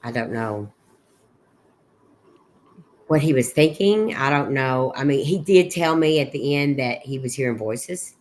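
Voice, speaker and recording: A middle-aged woman, a guest on an interview podcast, recounting her son's final months in a halting way, with many restarts and recalled conversations. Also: a bass voice, expressive, a little mellow, a little hiss or hum. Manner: halting, with frequent restarts and quoted dialogue. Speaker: guest, bereaved mother. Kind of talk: personal account in an interview.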